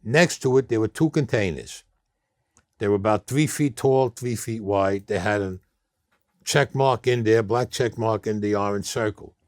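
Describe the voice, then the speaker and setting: Blunt older New York storyteller. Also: male voice, on the low side, moderate pace, dry recording, studio quality. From Brooklyn, New York. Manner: blunt, streetwise storyteller who acts out quoted people. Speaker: interview guest. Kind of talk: storytelling interview.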